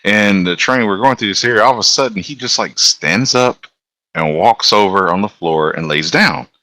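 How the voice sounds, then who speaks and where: A man's voice: on the low side, moderate pace, sharp tone, no room sound. A man, a guest telling laid-back stories on a podcast and laughing often. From Alabama. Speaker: guest, locomotive engineer. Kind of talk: casual storytelling on a podcast.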